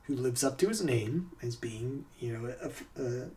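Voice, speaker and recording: A man's voice: mid-range voice, lively intonation, measured pace, mellow, recorded from a distance. A man hosting a podcast in casual chat, laughing often and talking with many fillers and restarts. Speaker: podcast host.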